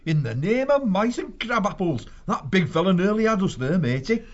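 Guy doing a cocky little mouse thief, high and bouncy, sailor slang. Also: very animated, normal speed, dull audio. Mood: jaunty. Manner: jaunty, rough sailor slang. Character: cheeky young male mouse thief, cocky.

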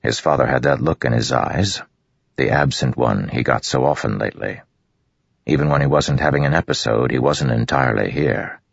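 Very deep, gravelly male narrator. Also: moderate pace, no room sound, lo-fi sound. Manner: steady, even storytelling. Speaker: audiobook narrator. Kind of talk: scripted fantasy narration.

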